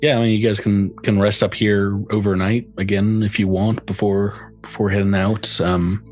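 A man narrating as game master of a tabletop game, laughing easily and halting with fillers. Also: fairly low pitch, flat delivery, darkish tone, faint music behind.

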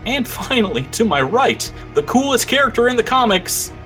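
Animated, bright-voiced man hosting a game. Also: extremely high pitch, normal speed, faint music behind. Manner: playful, laughs often, animated intros. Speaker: game master and host. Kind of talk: lively podcast hosting.

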